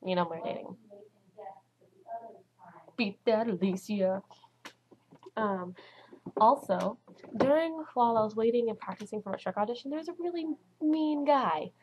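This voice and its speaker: A teenage girl chatting to camera at home in a casual vlog, talking fast and dramatizing what others said. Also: on the high side, animated, a little mellow, a little hiss or hum, rough recording. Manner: chatty, dramatic, acts out quotes. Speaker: vlogger.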